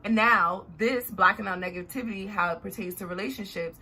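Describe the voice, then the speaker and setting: Chatty woman vlogger with a husky voice. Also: mid-range voice, a little fast. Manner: chatty, animated, addresses viewers as y'all. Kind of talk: casual talk to camera.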